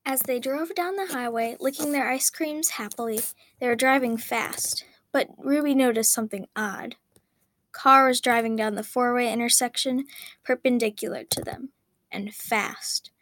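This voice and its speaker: A woman reading a story aloud in an expressive, dramatic way. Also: on the high side, measured pace, no echo.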